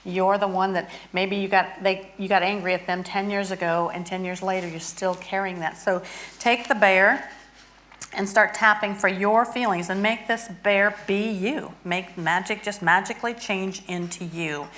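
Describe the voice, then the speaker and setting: A woman's voice: mid-range voice, steady tone, normal speed, fairly bright tone, rough recording. Earnest woman explaining a therapy tool. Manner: earnest, demonstrates by acting out feelings. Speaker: guest expert, therapy toy maker. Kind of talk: instructional demonstration.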